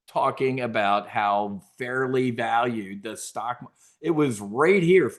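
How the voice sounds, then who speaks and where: A man's voice: mid-range voice, takes it slowly. A middle-aged man hosting a trading show, giving brash, profane market commentary and mocking the people he quotes.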